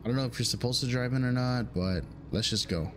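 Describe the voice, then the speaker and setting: A man's voice: mid-range voice, quick pace, music in the background. A young man casually commenting on a horror game he plays, chatty and jokey, reading game lines aloud. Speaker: gaming YouTuber. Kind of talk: casual let's-play commentary.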